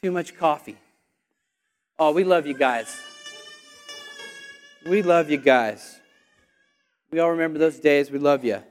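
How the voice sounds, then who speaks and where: A man preaching a lively sermon to a congregation, energetic with call-and-response, rising at times almost to a shout. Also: a little high, measured pace, long pauses.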